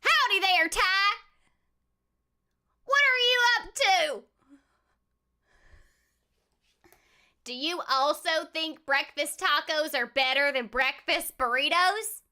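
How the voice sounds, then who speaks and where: A woman's voice: sits high, animated, measured pace, pushed and bright, full character voice. A woman voicing a cheerful, boastful female country sheriff in a hammy, put-on American country drawl. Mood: playful.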